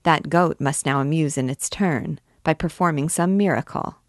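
A woman's voice: deep voice, moderate pace, dry recording, studio quality. Woman reading as a mocking young noblewoman. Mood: teasing. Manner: teasing, demanding.

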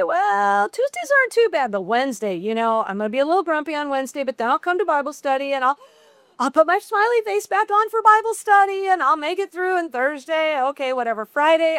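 Chatty woman teaching Bible study, high voice. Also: no room sound. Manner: chatty, conversational, animated asides.

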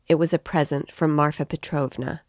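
A woman's voice: sits low, steady tone, moderate pace, a little mellow, no room sound, studio quality. A woman reading the lines of a stern, composed young sister who speaks tersely.

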